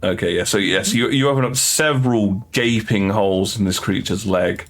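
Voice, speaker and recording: A man narrating as game master of a tabletop game, halting with frequent restarts and fillers. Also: lowish voice. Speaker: dungeon master.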